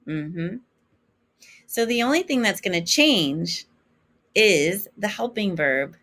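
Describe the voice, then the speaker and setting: Woman, French teacher, lesson narration, slow pace, lowish voice, clear modeled pronunciation. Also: a bit bright. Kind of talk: recorded classroom lesson.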